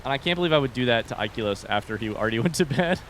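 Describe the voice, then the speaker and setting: A man's voice: mid-range voice, lively intonation, very fast, a bit bright. Male streamer, casual rambling chat over gameplay, faint background noise. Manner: rambling, chatty, addresses chat directly. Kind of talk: casual livestream chat while gaming.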